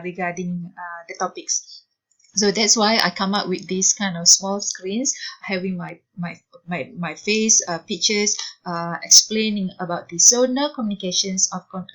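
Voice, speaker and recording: A woman's voice: medium pitch, highs cut off. A woman giving a recorded university lecture, speaking hesitantly with many fillers.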